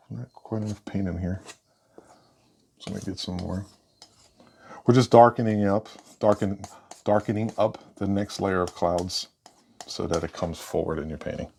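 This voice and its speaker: A man giving a casual painting lesson, relaxed and thinking aloud as he works. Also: low-pitched, moderate pace, creaky, pauses often, a little hiss or hum. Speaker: painting instructor.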